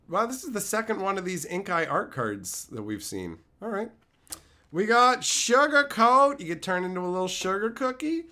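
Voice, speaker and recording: A man's voice: sits high, pushed and bright. A man chatting casually on a live stream, telling stories animatedly and laughing often.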